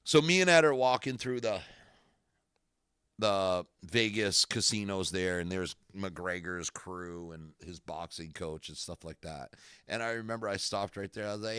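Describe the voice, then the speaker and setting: Male podcast co-host, deep and clear, loud joking storyteller, dry studio sound. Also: unhurried, no room sound. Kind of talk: casual banter and storytelling.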